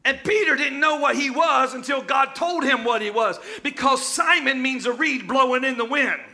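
A man preaching a sermon in call-and-response style, often shouting and chanting his lines. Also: very high-pitched, normal speed, faint music behind.

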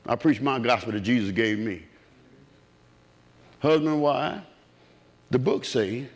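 A man preaching a sermon, swinging from low, quiet murmurs up to raised cries. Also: animated, measured pace, long pauses.

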